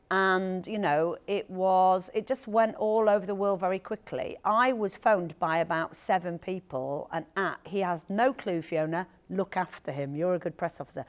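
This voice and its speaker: Lively woman telling a story on stage. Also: fairly low pitch. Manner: lively anecdotal, animated asides. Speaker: author in conversation. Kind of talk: storytelling talk at a live event. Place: event hall with audience.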